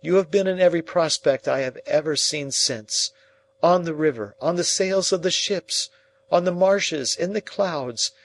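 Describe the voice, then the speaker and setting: A man's voice: mid-range voice, animated, normal speed, pitched above the performer's own voice, natural voice. A man reading the part of an anguished young man pleading with the woman he loves, in a storybook reading. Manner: pleading, earnest, emotional.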